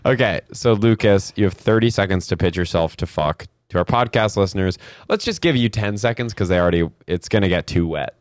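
A man's voice: fairly low pitch, expressive, brisk, few pauses, no echo. A man co-hosting a comedy podcast, teasing and joking in crude, mock-serious banter. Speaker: podcast co-host.

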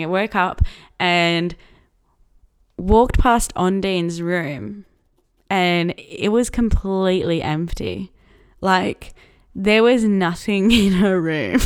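A young Australian woman in her twenties telling a story in a casual vlog, chatty and profane, full of likes and laughing asides. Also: fairly low pitch. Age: 20s.

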